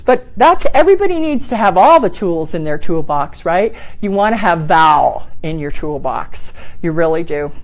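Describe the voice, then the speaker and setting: Animated middle-aged woman speaking coach. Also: mid-range voice. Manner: animated, acts out voices for examples. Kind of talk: workshop talk. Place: classroom.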